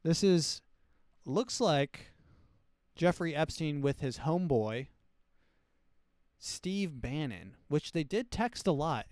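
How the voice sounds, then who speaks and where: A man's voice: mid-range voice, clear, resonant tone, dry recording, clean studio sound. A man hosting his comedy show, talking in a loose, profane, rambling monologue. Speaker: comedy podcast host.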